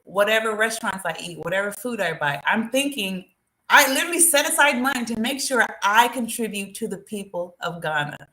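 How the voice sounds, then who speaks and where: An animated woman chats straight to her live-stream viewers. Her voice sounds bright and forceful, and the room around her echoes. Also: mid-range voice, brisk. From United States. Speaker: vlogger. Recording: roomy echo.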